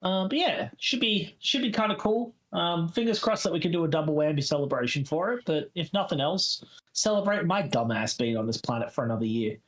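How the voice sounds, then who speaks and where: A man's voice: fairly high pitch, animated, brisk, hardly any pauses. A man chatting casually as a player in a tabletop game, rambling and self-deprecating, swearing casually. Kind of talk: casual chat.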